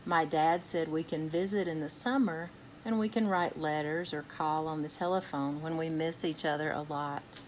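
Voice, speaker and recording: A woman reading a picture book aloud for children's storytime, pausing to ask her young listeners gentle questions. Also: low-pitched, fairly even intonation, slight background noise. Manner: gentle, asks listeners questions between passages.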